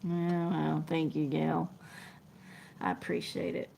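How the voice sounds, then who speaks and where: A woman's voice: deep voice, slow pace, vocal fry, dark tone, a little hiss or hum. A middle-aged woman, chatting scattered and laughing as she reads viewer comments on a livestream. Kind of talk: casual live chat.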